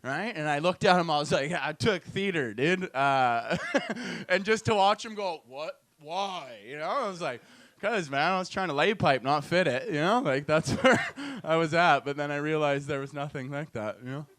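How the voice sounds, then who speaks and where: Bright slangy young comedian on stage. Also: male voice, fairly high pitch, normal speed. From Edmonton, Alberta, Canada. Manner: loose, rambling, slangy crowd work. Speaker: stand-up comedian and event host. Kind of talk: stand-up comedy. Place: comedy club stage with audience.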